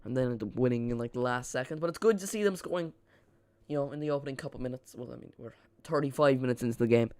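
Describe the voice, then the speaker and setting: A man's voice: medium pitch, fast talker, darkish tone, smooth, no echo. A man streaming a live football watch-along, chatting casually and often repeating or correcting himself.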